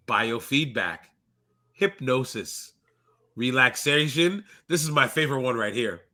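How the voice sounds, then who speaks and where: Blunt, sarcastic young man, lively bright voice. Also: medium pitch. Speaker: podcast co-host. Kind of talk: casual basketball podcast chat.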